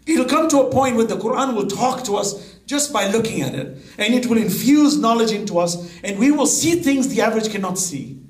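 High-voiced man preaching in an echoey hall. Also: expressive, a little fast, few pauses. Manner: mixes Arabic quotations into English preaching. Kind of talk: sermon.

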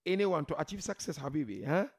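A man preaching a religious sermon to a seated gathering, emphatic, swinging from loud declarations to quiet murmurs and addressing the listeners directly. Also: on the high side, sing-song, fast, breathy edge. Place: gathering hall with a seated audience.

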